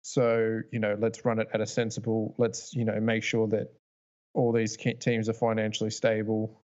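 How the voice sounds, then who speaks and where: A man's voice: lowish voice, monotone, normal speed, darkish tone. Australian man on a dull lo-fi mic. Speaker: podcast co-host. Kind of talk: casual chat.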